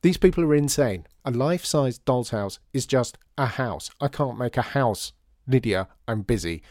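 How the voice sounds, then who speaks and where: A man's voice: medium pitch, animated, normal speed, darkish tone, dry recording, clean studio sound, natural voice. A man voicing a busy, frazzled father who is exasperated and dismissive.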